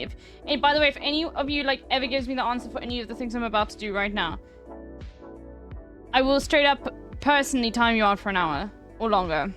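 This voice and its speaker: A young South African woman with a South African accent, casually chatting to her live-stream viewers, blunt and quick to swear. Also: on the high side, a bit bright, soft background music. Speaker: livestreamer.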